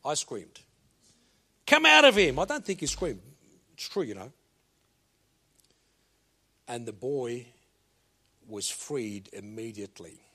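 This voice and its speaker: An older man preaching a sermon, slow and emphatic, swinging between loud commands and quiet low asides. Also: slightly rough.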